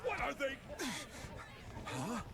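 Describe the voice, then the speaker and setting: A man's voice: extremely high pitch, wildly swooping pitch, slow, creaky, pushed and bright, pitched above the performer's own voice, full character voice. A man voicing a gleeful male official who orders arrests, in a let's play.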